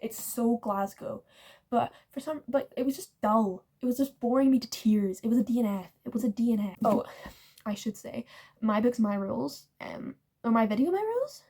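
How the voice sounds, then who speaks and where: With a fairly high, mellow, somewhat husky voice, a book vlogger talks at a moderate pace and fairly even intonation. She chats about books she's read, rating each one, correcting herself, and leaning on "like" often.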